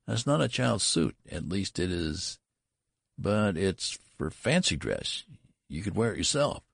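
Man doing a fussy shop clerk, brisk and nosy, gravelly low voice. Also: very animated, no echo, clean studio sound, heavily acted. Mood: protesting. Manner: brisk, curious.

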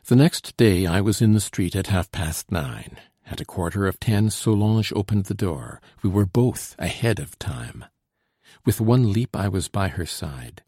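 A man reading a period novel aloud in a measured, formal manner. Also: low-pitched, expressive, dark tone, husky, no echo, clean studio sound. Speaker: audiobook narrator. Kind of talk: scripted narration.

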